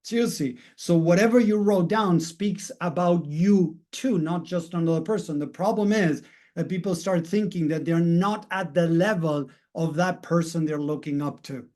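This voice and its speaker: A man's voice: a little high, moderate pace, darkish tone. A man coaching viewers in a casual, rambling self-help talk, often checking in with "right?" and "you know". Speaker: mindset coach.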